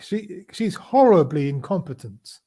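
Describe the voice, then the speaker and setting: A man hosts a casual political chat, stumbling through restarts and fillers at an unhurried pace. His voice is mellow and sits a little high for a man. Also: big pitch swings. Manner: halting, many restarts and fillers. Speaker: podcast host.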